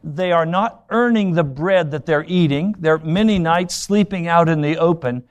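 Storytelling pastor preaching a sermon. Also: male voice, fairly high pitch, lo-fi sound. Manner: storytelling preacher acting out scripture dialogue; rapid rhetorical questions to the congregation.

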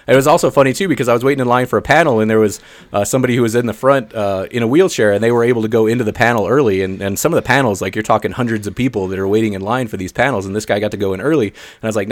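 A man co-hosting a podcast, telling a story in a lively, swearing, filler-heavy way. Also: lowish voice, racing, no room sound. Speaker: podcast co-host. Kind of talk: casual podcast chat.

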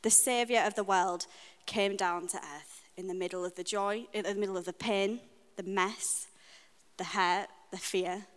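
A woman with a British accent giving a sermon in a church, speaking in an earnest, personal and reflective way with frequent pauses. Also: medium pitch, fairly even intonation, smooth. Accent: British English. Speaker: preacher. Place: church hall. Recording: long reverb of a church hall.

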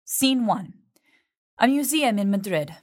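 A woman reading a play's stage directions in a clear, measured, neutral manner. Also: fairly high pitch, expressive.

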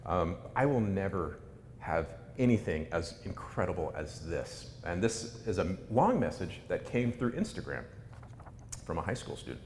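A man's voice: very animated, normal speed, darkish tone. A middle-aged man, an author, giving a humorous talk in a wry, self-mocking way. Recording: echoey hall with faint rumble.

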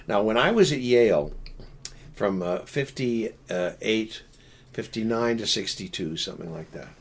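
An older man, a podcast guest, telling stories in a halting, rambling way with many restarts and laughing asides. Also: fairly low pitch, gravelly. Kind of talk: casual storytelling.

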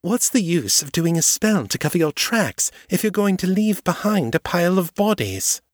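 A man's voice: high voice, big pitch swings, moderate pace, dry recording, clean studio sound, voice pushed up. A man voicing Lizzie, a shaken leopard woman. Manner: voice quavering, hollow and small. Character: leopard woman, young adult, shaken but composed. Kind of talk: audiobook character voice.

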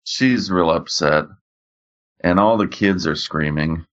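A man's voice: low voice, slow pace, dull audio, background noise. A man in casual chat, rambling through profane stories. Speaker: podcast co-host.

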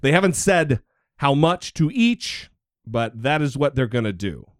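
Lively, sarcastic male podcast host. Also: mid-range voice, a little slow, no echo, clean studio sound. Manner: sarcastic, outspoken. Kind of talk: casual political chat.

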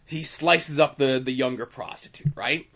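Bright-voiced man with dry teasing. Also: medium pitch, moderate pace, creaky, highs cut off. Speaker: podcast co-host. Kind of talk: casual movie discussion.

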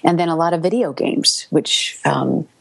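A middle-aged woman, a voice actor, telling stories in a casual interview, lively and laughing, repeating words when excited. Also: low-pitched, normal speed, gravelly, dry recording. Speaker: voice actor guest.

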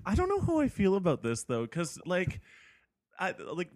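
A man co-hosting a casual podcast, jokey and animated when telling stories. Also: sits high, moderate pace. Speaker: podcast co-host. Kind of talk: casual chat.

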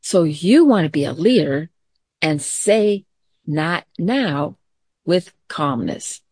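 Slow, calm woman teaching children. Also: deep voice, breathy edge, no room sound, clean studio sound. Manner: calm, gentle, talks straight to children. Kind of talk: children's mindfulness lesson with story time.

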